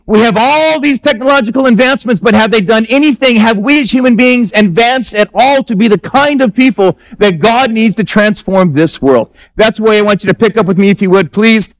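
Brief: male pastor with a high voice, casual but emphatic pulpit delivery, keeps quizzing the congregation. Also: normal speed, hardly any pauses, rough recording. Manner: conversational, emphatic preaching with rhetorical questions to the congregation. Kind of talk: sermon. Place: church.

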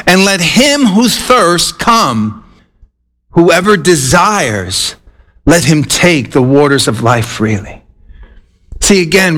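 A man preaching a sermon in a high, light voice. He talks earnestly, climbing into emphatic peaks and then stretching key phrases out slowly. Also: fairly bright tone. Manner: earnest, rising to emphatic peaks and slowing to drawn-out stresses.

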